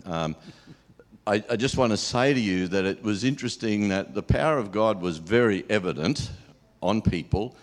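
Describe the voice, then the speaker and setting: A man's voice: lowish voice, normal speed. Chatty preacher man in a reverberant hall. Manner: chatty, laughs often, lively when telling the story. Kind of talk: informal sermon with storytelling.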